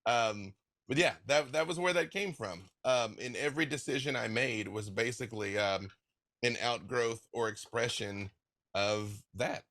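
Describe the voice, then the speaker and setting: A man, a game master being interviewed, chatting casually and telling stories in an animated way, laughing often. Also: medium pitch, a little slow, no echo, studio quality.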